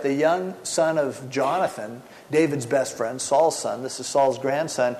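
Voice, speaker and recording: Chatty middle-aged preacher in a hall. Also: male voice, medium pitch, darkish tone. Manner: colloquial and chatty, slangy paraphrase. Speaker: pastor. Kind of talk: casual sermon retelling a Bible story. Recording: long hall reverb.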